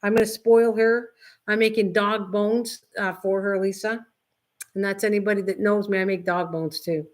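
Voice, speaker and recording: A woman's voice: mid-range voice, fairly even intonation, moderate pace. Older woman, livestream host, chatty and rambling, talks to her viewers. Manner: chatty, rambling, reads chat comments aloud. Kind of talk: casual chat with live viewers.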